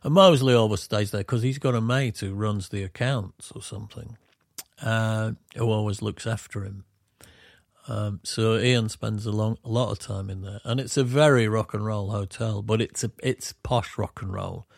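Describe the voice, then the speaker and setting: Middle-aged Yorkshire man, podcast co-host, slightly low and gravelly, wanders through anecdotes with self-mockery. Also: fairly even intonation, normal speed, no echo, studio quality. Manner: rambling, self-deprecating storyteller. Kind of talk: casual chat.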